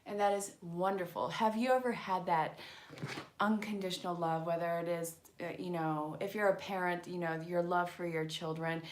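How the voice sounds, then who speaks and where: A woman chatting excitedly on a live stream as an angel card reader, talking to her viewers and laughing often. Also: fairly low pitch, normal speed. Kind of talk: casual live-stream chat.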